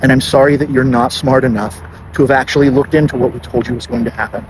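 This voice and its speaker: A man's voice: mid-range voice, fairly even intonation, fast, background noise. A man ranting about politics, indignant and accusing, repeating his points. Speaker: commentator. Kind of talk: passionate political rant.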